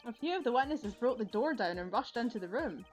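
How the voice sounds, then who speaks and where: A woman's voice: fairly high pitch, expressive, fairly quick, soft background music, lightly acted. A woman reading the lines of a bumbling male police detective in a video game, stammering and deferential. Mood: nervous. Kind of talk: reading game dialogue aloud.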